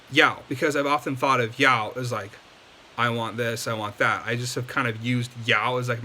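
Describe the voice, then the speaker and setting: Man, casual lesson host; bright, chatty, lots of filler, faint hiss. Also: mid-range voice. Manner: loose and chatty, many ums and likes. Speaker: language teacher.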